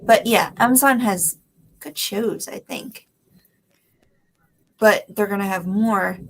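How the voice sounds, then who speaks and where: A woman co-hosting a live web talk show, relaxed and chatty in casual conversation. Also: medium pitch, slow, slight background noise.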